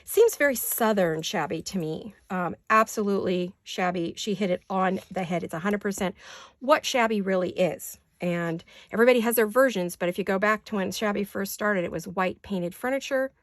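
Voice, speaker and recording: A woman's voice: mid-range voice, normal speed, dry recording. A woman hosting a crafting video in her home studio, chatting casually and gushing over each page with repeated words of praise. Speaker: crafting channel host. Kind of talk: casual show-and-tell chat.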